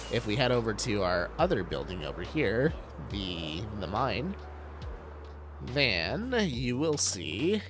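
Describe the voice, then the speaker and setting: Upbeat male streamer with lively pitch. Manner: upbeat, greets chatters, many fillers. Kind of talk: casual livestream chat.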